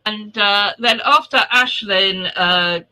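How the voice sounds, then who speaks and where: A man's voice: high voice, slow, bright, forceful tone, rough recording. A male host on a video call from home, chatting casually and greeting viewers by name before a virtual event. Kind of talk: casual live webinar welcome.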